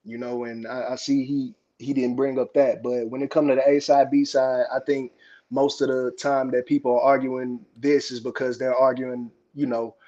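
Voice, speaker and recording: A man's voice: mid-range voice, little pitch movement, normal speed, dark tone. A man calling into a live podcast, rambling through his points with plenty of fillers. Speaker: caller. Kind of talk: casual call-in commentary. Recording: dull lo-fi call line.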